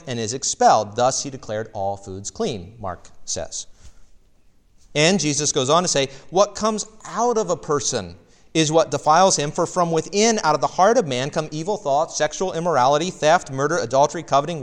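Lively preaching man, fairly high voice. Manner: lively preaching with rhetorical questions and asides. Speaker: pastor. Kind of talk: sermon.

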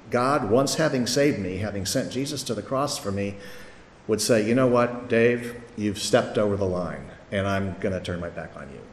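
A man's voice: medium pitch, a little hiss or hum. A middle-aged man giving a sermon as pastor, earnest and conversational, with some restarts. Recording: echoey hall, faint ambience.

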